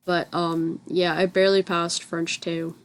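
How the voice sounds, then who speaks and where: A woman's voice: on the low side, flat delivery, unhurried, smooth. A young woman from the United States telling a rambling story in a casual voice-over, often stopping to correct herself. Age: young adult. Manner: rambling, self-correcting, chatty. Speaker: gaming channel host. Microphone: voice-over recorded separately from the game footage.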